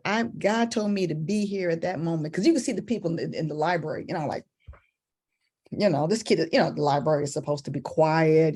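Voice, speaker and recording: A woman in a church women's group telling a personal story in a casual, animated way. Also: breathy edge. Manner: animated, acts out a child's voice in high pitch. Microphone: video call.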